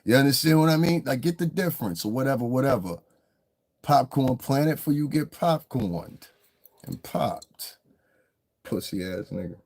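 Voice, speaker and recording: A man's voice: mid-range voice, lively intonation, moderate pace, darkish tone. A man in a casual livestream rant, talking in a blunt, heated, profane way as the show's commentator.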